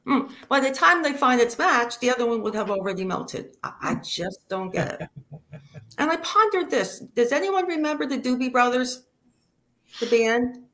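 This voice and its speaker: Deadpan woman doing stand-up on a call. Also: a little high, moderate pace. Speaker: stand-up comedian. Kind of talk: stand-up comedy routine. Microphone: video call.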